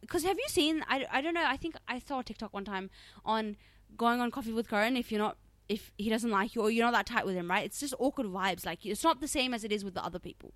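A woman's voice: a little high, fast talker, hardly any pauses, fairly bright tone, no echo. A woman co-hosting a podcast, chatting casually and teasing her co-host in a playful way. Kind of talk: casual chat.

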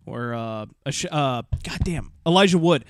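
A man's voice: mid-range voice, animated, moderate pace, no room sound. A man co-hosting a podcast, chiming in with jokes and movie references in casual banter. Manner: joking interjections and movie references. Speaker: podcast co-host.

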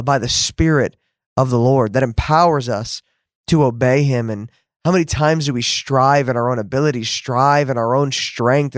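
A man's voice: medium pitch, no room sound, studio quality. Fervent man preaching on a podcast. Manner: fervent, repeats words for emphasis, rising to exclamations. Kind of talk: podcast sermon.

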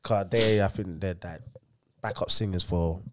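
A man's voice: sits low, fairly even intonation, normal speed. A man co-hosting a casual podcast chat, arguing his point heatedly and laughing as he goes. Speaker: podcast co-host.

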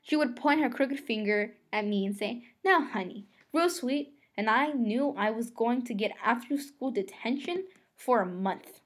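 A woman with a fairly high voice reading a novel aloud. She tells the first-person story in a relaxed, conversational way, as if chatting. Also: unhurried. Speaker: reader.

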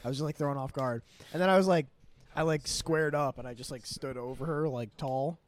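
A man's voice: on the high side, brisk. A young man co-hosting a podcast, telling a rambling story in casual chat with lots of fillers. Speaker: podcast co-host.

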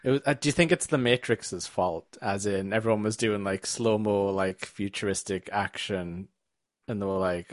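A man's voice: lowish voice, moderate pace, no room sound, clean studio sound. A man in casual podcast chat who laughs often and throws in jokey asides.

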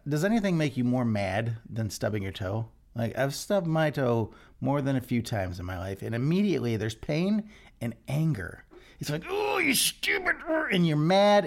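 Chatty middle-aged man telling stories. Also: mid-range voice. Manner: chatty, animated, exasperated humor. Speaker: pastor and video host. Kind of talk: casual storytelling monologue.

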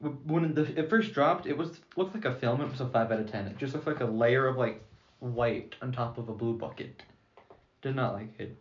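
A young man co-hosting a casual podcast, blunt and deadpan. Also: medium pitch, fairly quick. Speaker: podcast co-host. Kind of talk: casual chat. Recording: dull, roomy lo-fi audio.

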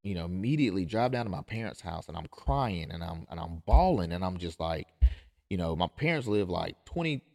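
A man's voice: low-pitched, animated, a little fast, vocal fry, dark tone. A man who is a pastor, hosting a podcast in an impassioned monologue, insistent and emphatic, often restarting his phrases.

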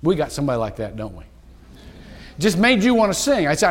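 Preacher guy telling a story, animated, high voice, big echoey church. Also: quick pace. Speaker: pastor. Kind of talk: sermon storytelling. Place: church sanctuary.

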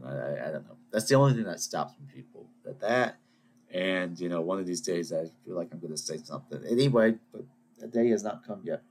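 A man's voice: low-pitched, slight background noise. A man hosting his own podcast, ranting and rambling in a self-deprecating way. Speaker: podcast host. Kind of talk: solo rant podcast.

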